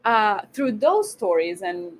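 A woman's voice: mid-range voice, very animated, slow, slight background noise. A woman in casual chat with her partner, teasing and reflective, with frequent fillers.

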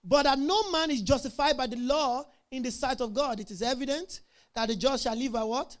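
A man's voice: very high-pitched, a little fast. A man preaching a sermon, emphatic, asking the congregation questions and laughing often.

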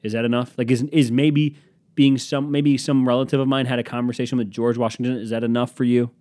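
A man's voice: mid-range voice, little pitch movement, fast, mellow, dry recording. A young man hosting a solo podcast, rambling in a jokey, self-deprecating way with some swearing. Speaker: podcast host.

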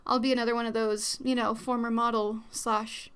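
A woman's voice: a little high, little pitch movement, normal speed, a bit bright, smooth. A young woman hosting her own podcast, chatting casually and rambling with lots of fillers and little laughs, into a new studio microphone. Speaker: podcast host. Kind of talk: casual solo podcast chat.

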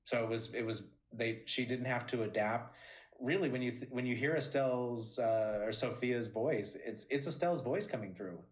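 A man as a podcast interview guest, telling animated stories with many restarts and high, bright quoted lines. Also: moderate pace. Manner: animated storyteller, many restarts, jumps high when quoting. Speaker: interview guest, former assistant. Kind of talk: casual interview talk.

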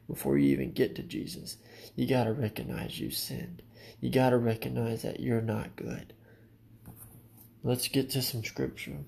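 A man's voice: mid-range voice, gravelly, mellow. A man preaching a sermon in an earnest, direct way, often addressing listeners as his friend.

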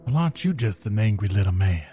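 A man's voice: fairly low pitch, lively intonation, fast talker, mellow, slightly rough, faint music behind. A man voicing a flirtatious Southern belle woman in a put-on Southern US accent, syrupy and theatrical.

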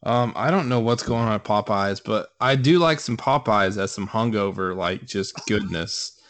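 A man's voice: fairly low pitch, normal speed, fairly bright tone. A man co-hosting a casual talk show, rambling in an offhand way. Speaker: co-host. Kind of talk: casual radio chat.

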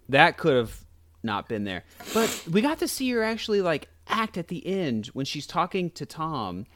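A man co-hosting a casual podcast, reviewing a movie and acting out lines from it in high mock voices. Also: a little hiss or hum. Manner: animated, jumps into high mock voices when quoting scenes. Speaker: podcast co-host.

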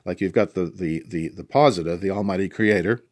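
Guy with a lowish voice going through a bible parable, chatty and rambly, dry close sound. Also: fairly quick, a little mellow, dry recording. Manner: conversational, many restarts and asides. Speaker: preacher. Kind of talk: informal Bible teaching.

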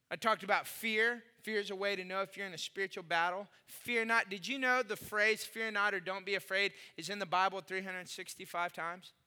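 A man preaching with a very high, piercingly bright voice. He talks straight to his listeners, punching some phrases and dropping others to a near hush. Everything carries a long, reverberant hall tail. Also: smooth. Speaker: pastor. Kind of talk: sermon.

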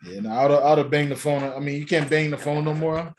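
A man in casual chat, rambling and slangy, quick to laugh. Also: on the high side, crowd noise.

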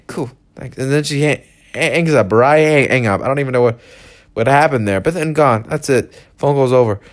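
A young man hosting his own show, rambling through an irritable, sarcastic solo rant. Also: mid-range voice. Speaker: podcast host. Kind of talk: solo ranting monologue.

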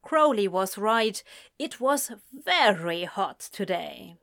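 Slow, measured woman reading a story. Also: medium pitch, big pitch swings, gravelly, fairly bright tone. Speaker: narrator. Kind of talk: fan fiction reading.

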